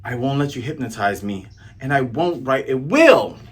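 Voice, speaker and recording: A man doing a quietly defiant young heiress. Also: mid-range voice, lively intonation, normal speed, slightly rough.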